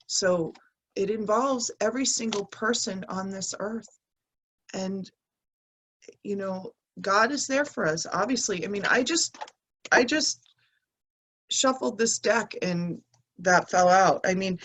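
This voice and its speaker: A mind health coach, a woman with a medium-pitched voice, gives a heartfelt spiritual talk. She reads aloud from angel cards, pausing softly and emotionally and restarting.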